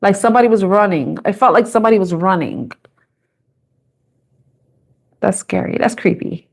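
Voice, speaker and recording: A woman doing a casual live-stream tarot reading from her office, playful and giggly, laughing often and repeating each question slowly as she shuffles. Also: medium pitch, gravelly. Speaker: tarot reader.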